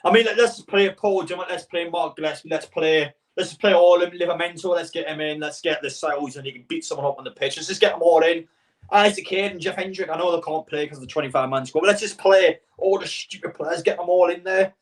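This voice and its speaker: A man's voice: on the high side, quick pace, far from the mic. A man reacting live to a cup draw as a football fan, exasperated and swearing, rambling with stutters.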